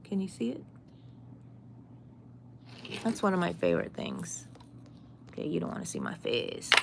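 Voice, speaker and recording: A woman's voice: on the low side, wildly swooping pitch, normal speed, gravelly, darkish tone, slight background noise. A middle-aged woman chatting casually on a live stream, reading and answering viewer comments. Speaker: crochet channel host.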